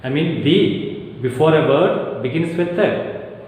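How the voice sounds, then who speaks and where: A man teaching an English lesson, talking slowly and repeating key phrases as he explains. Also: on the high side, darkish tone. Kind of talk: recorded class lecture. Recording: very echoey room, long reverb.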